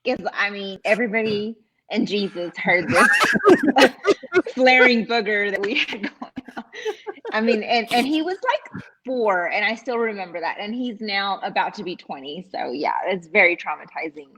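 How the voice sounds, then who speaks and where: A woman's voice: mid-range voice, moderate pace, noisy background. A woman co-hosting a casual chat show who laughs as she tells stories. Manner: laughs while telling stories.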